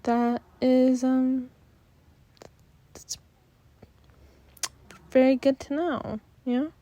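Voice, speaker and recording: A woman's voice: sits high, level tone, drawn-out words, mellow, no room sound. A tired young woman hosting a casual solo podcast into her phone, sighing and yawning as she rambles through fillers. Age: young adult. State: sleepy, yawning. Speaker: podcast host. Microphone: phone held close.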